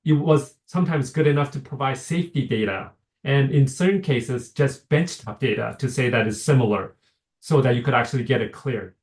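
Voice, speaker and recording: A man's voice: mid-range voice, fairly quick. A man giving a workshop talk over a video call, explaining with many fillers and restarts. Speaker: invited speaker on medical devices.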